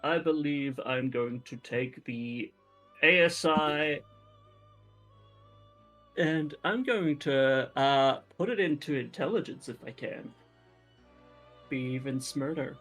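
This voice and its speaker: Male player, slow and unsure delivery, slightly high voice, faint music behind. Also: a bit bright. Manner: hesitant, thinks aloud. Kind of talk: casual tabletop game chat.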